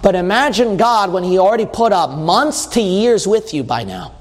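A man's voice: high-pitched, expressive, normal speed. A man preaching a sermon in a conversational way, reading scripture and acting out quotes. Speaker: pastor. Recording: long hall reverb.

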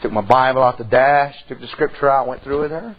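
A middle-aged man, preaching a folksy sermon that swings between loud outbursts and hushed tones. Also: mid-range voice, brisk, muffled recording. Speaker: pastor.

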